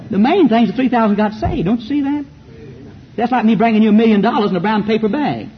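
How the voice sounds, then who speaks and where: A man's voice: high-pitched, husky. A man with a Southern US accent preaching a fiery sermon full of rhetorical questions and mocking asides. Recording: muffled recording with faint background hiss.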